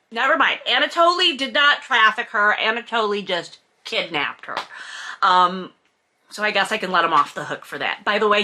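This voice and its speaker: A woman recaps a book with heavy sarcasm and frequent swearing, and her voice climbs into indignant rants. Her voice is bright and forceful. She talks casually, as if to regular listeners. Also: on the low side. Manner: sarcastic, exasperated, swears often; bursts into loud indignant outbursts.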